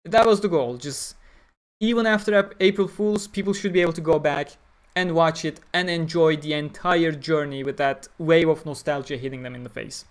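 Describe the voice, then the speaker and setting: A man's voice: fairly high pitch, normal speed. Blunt man streaming. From Turkey. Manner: opinionated, blunt, talks through ideas with fillers. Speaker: streamer answering chat. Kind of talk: casual livestream talk.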